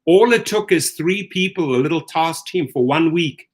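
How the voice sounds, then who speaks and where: A man's voice: a little high, expressive, moderate pace. A middle-aged man hosting rideshare commentary, ranting angrily with profanity and repeated rhetorical questions.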